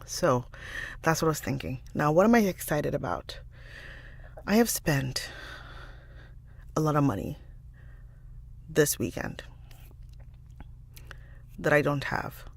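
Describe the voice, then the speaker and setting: A woman's voice: low-pitched, expressive, slow pace, gravelly, pauses often, breathy edge, no echo. A woman hosting a casual livestream who chats and greets her viewers by name, speaking into a studio mic. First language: not an American English speaker. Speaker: livestream host and audiobook narrator. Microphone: studio side-address mic.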